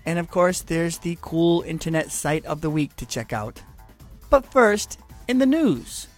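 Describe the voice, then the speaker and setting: A man's voice: fairly high pitch, animated, a little slow, soft background music. Chatty upbeat male podcast host. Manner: chatty, upbeat, playful asides. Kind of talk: casual podcast monologue. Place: home room with cats.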